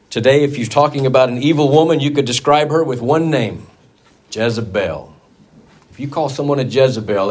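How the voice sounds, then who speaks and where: A man preaching a sermon in a church, telling a Bible story earnestly and leaning hard on key words. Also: mid-range voice. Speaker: pastor.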